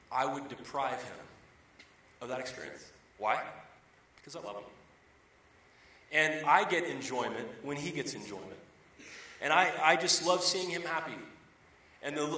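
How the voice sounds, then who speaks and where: A man in his thirties delivers a conversational sermon in a bright, forward voice. His voice sounds distant and roomy, as if from a mic some way off in a reverberant hall. He tells everyday stories and hammers his points home by repeating key phrases. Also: a little high, animated, moderate pace, long pauses. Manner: conversational storytelling, emphatic repetition. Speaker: pastor. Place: church sanctuary.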